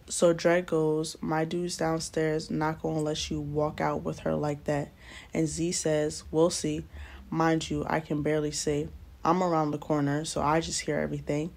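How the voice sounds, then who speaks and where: A young woman spins a casual storytime with a low, gravelly voice. She talks in blunt, slangy bursts, close to the mic. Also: a little mellow. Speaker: storytime vlogger. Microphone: close mic, doing nails on camera.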